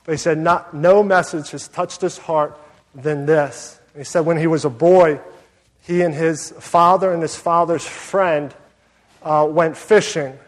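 Animated storytelling pastor in a reverberant hall. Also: male voice, fairly high pitch, unhurried. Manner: animated storytelling with acted-out asides. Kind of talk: sermon.

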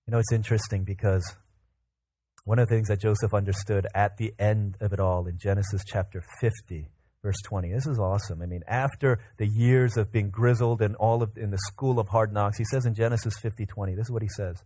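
A man preaching a casual, energetic sermon to a congregation, often repeating and restarting words as he tells everyday examples. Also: fairly low pitch, a little fast, breathy edge. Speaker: pastor. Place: church service with congregation.

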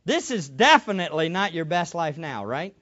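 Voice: mid-range voice, big pitch swings, normal speed, fairly bright tone. A preacher delivering a sermon full of rhetorical questions, speaking in a church hall. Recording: dull lo-fi recording.

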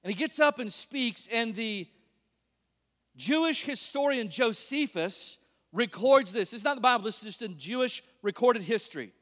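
A man preaching an animated sermon as pastor, joking and asking the congregation questions. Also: very high-pitched, moderate pace. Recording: long reverb of a large hall.

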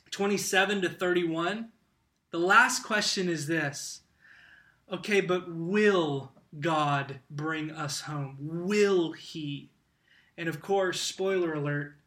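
Emphatic preacher, high bright voice. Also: male voice. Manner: emphatic, rhetorical questions, swings from loud to hushed. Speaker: pastor. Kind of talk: sermon.

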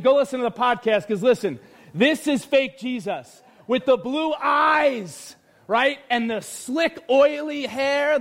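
A male pastor preaching a sermon in church, energetic and joking, with emphatic shouted peaks. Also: very high voice.

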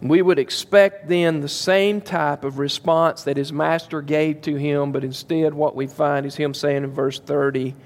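A man preaches to his congregation with a somewhat high-pitched voice. He leans hard on his points and repeats them for weight. His voice echoes with the long reverb of a large church hall. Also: fairly even intonation, unhurried, hardly any pauses. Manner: emphatic, repeats key phrases, addresses the congregation directly. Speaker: pastor. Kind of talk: sermon.

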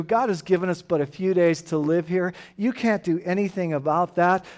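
A middle-aged man preaching a sermon, earnest, dropping to a hushed tone and then rising to emphatic calls for an amen. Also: on the high side. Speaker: pastor.

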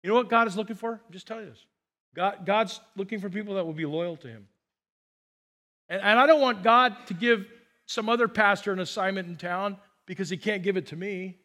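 High-voiced man preaching a sermon. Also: a little fast, sharp tone. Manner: emphatic, repetitive call-and-response with the congregation. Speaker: pastor.

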